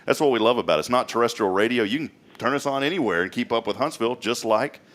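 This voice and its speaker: A man's voice: medium pitch, fast talker. A man hosting a local morning show, teasing and telling stories in a casual chat. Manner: jokey, teasing, animated storyteller. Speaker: host.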